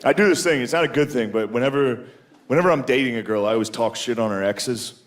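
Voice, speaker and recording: A man's voice: medium pitch, fast. A man in his thirties doing a stand-up comedy routine on a club stage, talking loosely, swearing a lot and mocking himself. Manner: casual, swearing, self-deprecating, drops into silly voices. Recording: live club recording, loud audience laughter. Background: audience laughter.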